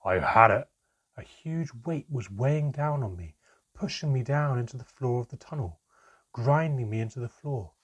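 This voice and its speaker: A man narrating a storybook chapter in a steady, measured reading. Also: mid-range voice, husky.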